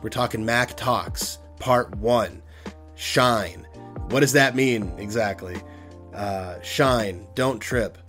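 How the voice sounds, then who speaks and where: A man's voice: on the low side, slow pace, fairly bright tone, faint music behind. A man hosting his own podcast alone, talking casually in a rambling, self-deprecating way with many fillers. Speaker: podcast host. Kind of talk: casual solo podcast talk.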